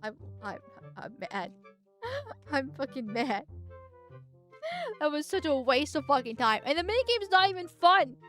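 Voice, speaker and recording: A woman's voice: sits high, very animated, fairly bright tone, faint music behind. A woman streaming gameplay as a vtuber, rambling and often restarting, then erupting into profane rants at the game. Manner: ranting, profane, quick to anger. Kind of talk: live gameplay commentary.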